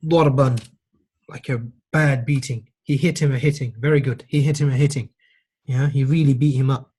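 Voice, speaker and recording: A man's voice: mid-range voice, fairly even intonation, fairly quick, mellow, breathy edge. A man teaching an Arabic grammar class, patiently repeating key phrases and praising his students. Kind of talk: classroom lesson.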